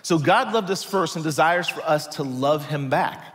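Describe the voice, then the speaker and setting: A man's voice: fairly high pitch, normal speed, a bit bright. A man from the United States preaching a sermon as pastor, telling a story and acting out the dialogue. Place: church hall. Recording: reverberant church hall.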